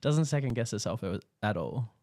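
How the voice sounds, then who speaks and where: A young man with an Australian accent chats through a story in a lively, rambling way. He acts out what people said and laughs easily. His voice sits at a middle pitch, and the sound is dry and close, with no room echo. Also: normal speed. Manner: animated storytelling, acts out quoted dialogue, laughs often. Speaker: guest photographer. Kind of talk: casual interview chat.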